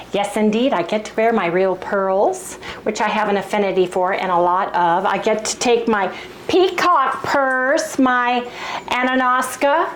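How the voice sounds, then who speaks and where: A woman's voice: on the high side, a little hiss or hum. A middle-aged woman chatting casually and cheerfully to her viewers in a home vlog. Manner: chatty, upbeat, keeps saying "you guys". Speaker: vlogger. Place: at home, then in a restaurant.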